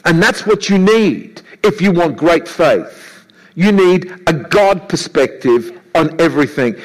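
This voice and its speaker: Animated high-voiced male preacher. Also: poor audio. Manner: animated, acts out the Bible characters' voices. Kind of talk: sermon.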